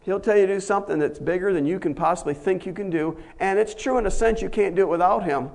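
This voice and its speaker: A man preaching a sermon as pastor, emphatic, swinging between loud peaks and quiet low passages, acting out the voices he quotes. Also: quick pace, creaky, hardly any pauses.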